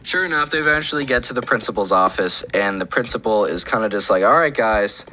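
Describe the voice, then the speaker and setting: A man's voice: on the low side, fast talker, pushed and bright. A man casually telling a rambling story over gameplay, with lots of fillers.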